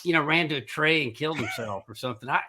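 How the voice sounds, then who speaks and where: A middle-aged man co-hosting a podcast, telling a long casual anecdote in an animated way and laughing through his own story. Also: a little high, fast, noisy background. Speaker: podcast co-host.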